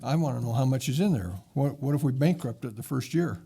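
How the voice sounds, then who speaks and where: A man's voice: medium pitch, brisk, creaky, dark tone, husky. A man on a city council questioning a budget item skeptically in a meeting. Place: council chamber.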